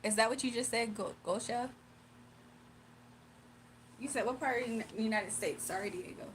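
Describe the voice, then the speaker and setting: A woman's voice: fairly high pitch, normal speed, a little hiss or hum. A young woman chatting casually on a livestream, reading chat aloud, laughing often and teasing her viewers. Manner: playful, teasing.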